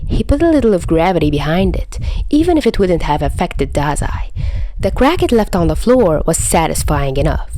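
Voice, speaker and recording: A woman narrating fan fiction aloud, expressive, dropping to soft whispers at times. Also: on the low side, a little hiss or hum. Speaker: podfic reader.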